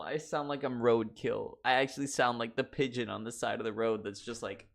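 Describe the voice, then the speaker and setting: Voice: mid-range voice, fairly even intonation, a little fast, gravelly. A livestreamer in casual chat with a sore throat, talking in a self-mocking, exasperated way.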